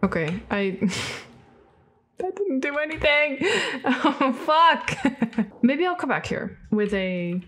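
A woman with a fairly high voice talks through a horror game at an unhurried pace. She reacts out loud as she plays, swearing, laughing often and yelping when something startles her. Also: big pitch swings, slight background noise. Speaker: gaming video creator. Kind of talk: let's play commentary.

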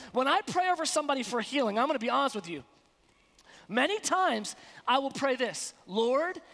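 Lively, emphatic woman preaching in reverb. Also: high-pitched. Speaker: pastor. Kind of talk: sermon. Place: church sanctuary.

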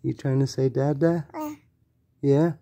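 Slow gravelly dad coaxing his baby. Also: mid-range voice, steady tone. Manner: gentle, coaxing, sing-song. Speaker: father. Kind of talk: baby talk to his infant.

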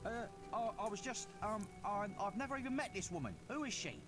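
A stammering, flustered villager tries to talk his way out of trouble. His pitch leaps about as he pleads. Game music runs underneath. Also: lively intonation, fairly quick. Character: flustered villager caught cheating on his wife. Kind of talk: video game voice acting.

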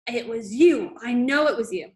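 A towering, furious headmistress bellows at her class in a loud, roaring voice, as a woman reading the story puts her on. She sounds like a bully from a children's storybook, every line a shout, pitched a touch higher than a plain speaking voice. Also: fairly quick, lightly acted.

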